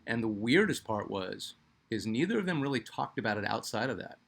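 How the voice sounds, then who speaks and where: A man's voice: lowish voice, big pitch swings, fairly quick, vocal fry, a bit bright. Man, middle-aged, from Phoenix, sports channel host, casual rambling storytelling, lots of ums and uhs. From Phoenix, Arizona, US. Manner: rambling, conversational, many fillers and restarts. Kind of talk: personal storytelling.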